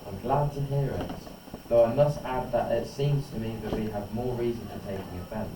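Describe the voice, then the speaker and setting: A young man reading the part of a haughty upper-class mother aloud in class, in a plain, halting read-aloud way. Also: mid-range voice, dark tone, roomy sound, recorded from a distance, a little hiss or hum, lightly acted, low-quality recording. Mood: offended.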